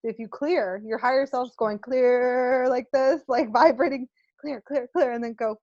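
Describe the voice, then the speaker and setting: A woman co-hosting a casual spiritual chat, animated, laughing often and acting out little quotes with whoops. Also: high-pitched, unhurried, no echo, muffled recording. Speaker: spiritual channel co-host.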